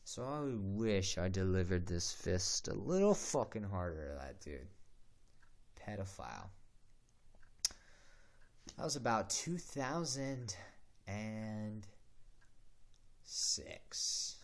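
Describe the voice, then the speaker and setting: A young man telling a story from his teens in a casual, profane, animated way, acting out the quotes. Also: on the low side, slow, vocal fry, pauses often. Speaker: streamer. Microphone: home streaming mic.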